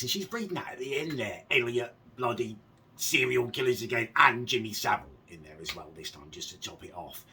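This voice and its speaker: A man's voice: medium pitch, bright, forceful tone, husky, far from the mic. A man hosting a reaction video, ranting sarcastically and sounding exasperated. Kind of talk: casual reaction commentary.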